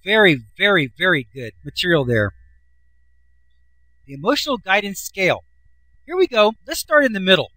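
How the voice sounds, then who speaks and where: A man's voice: high voice, sing-song, moderate pace, long pauses, sharp tone, no room sound, poor audio. A man, a self-help author, explaining a chart in a casual, folksy, enthusiastic way, swinging his voice up and down for emphasis.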